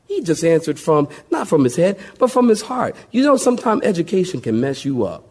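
Husky, animated preaching pastor. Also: male voice, high-pitched. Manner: animated preaching with a call-and-response to the congregation; folksy humor and sudden drops to a hushed, slow voice. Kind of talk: sermon.

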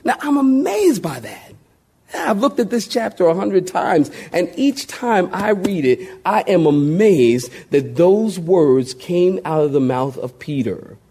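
Husky, animated preaching pastor. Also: male voice, high-pitched. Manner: animated preaching with a call-and-response to the congregation; folksy humor and sudden drops to a hushed, slow voice. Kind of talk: sermon.

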